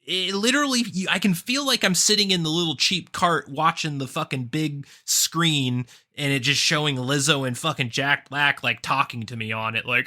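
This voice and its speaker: A man's voice: medium pitch, normal speed, pushed and bright. A man co-hosting a podcast, ranting sarcastically and swearing heavily in a casual review chat. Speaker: podcast co-host.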